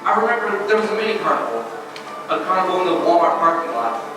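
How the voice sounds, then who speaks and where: A man acting on stage as a scared teenager telling a spooky story, in a hushed, dramatic manner. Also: high voice, big pitch swings, fast, music in the background. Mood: tense. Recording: echoey stage recorded from far off.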